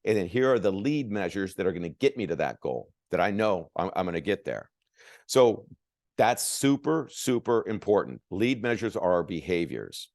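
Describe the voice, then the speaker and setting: A man's voice: on the low side, dry recording, clean studio sound. A man giving a motivational sales talk as a coach, acting out both sides of conversations. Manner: animated, acts out both sides of dialogues.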